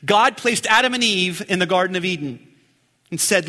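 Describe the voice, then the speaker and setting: A male pastor preaching with a high, bright voice, taking his time over each phrase. He leans hard on key words, then sinks to a hush. His voice rings out in a reverberant church hall. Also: expressive. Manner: emphatic, drawn-out phrases with sudden drops to a hush. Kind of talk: sermon. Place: church sanctuary.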